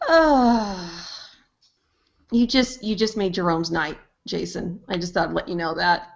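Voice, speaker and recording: A woman's voice: on the low side, a little slow, gravelly. A woman co-hosting a casual live-streamed show, laughing as she greets viewers by name. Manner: laughing, giving shout-outs to viewers. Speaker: podcast co-host. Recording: dull lo-fi stream audio.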